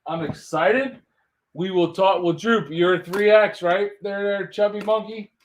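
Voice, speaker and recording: A man hosting a live stream, loud and teasing, quick to laugh and shout. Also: high voice, fairly even intonation, a little hiss or hum. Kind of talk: casual banter on a live stream.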